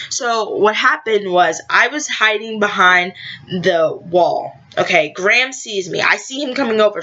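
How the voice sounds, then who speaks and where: A teenage girl vlogs a story straight to camera, rambling along, correcting herself and chatting to her viewers. Her voice is bright and forward. The sound is dull and lo-fi, like a home video. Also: medium pitch. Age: teens. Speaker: vlogger.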